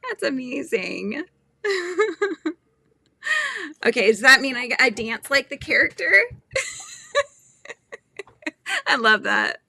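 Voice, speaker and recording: A young adult woman hosting a casual painting livestream, chatty and laughing often, murmuring quietly to herself as she paints. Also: sits high, big pitch swings, slow, creaky, long pauses, breathy edge, no room sound. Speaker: art livestream host.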